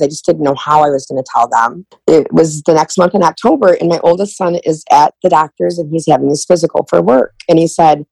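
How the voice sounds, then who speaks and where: Middle-aged woman guest, low gravelly voice, candid and emotional, acts out what people said, dry sound. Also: a little fast, hardly any pauses, a little mellow, no echo, poor audio. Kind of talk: personal storytelling in a podcast interview.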